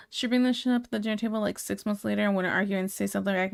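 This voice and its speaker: A woman's voice: mid-range voice, little pitch movement, racing, gravelly, few pauses, a bit bright, no echo, studio quality. A woman live streamer chatting casually with her viewers, blunt and candid, laughing often. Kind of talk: casual chat reacting to viewer comments.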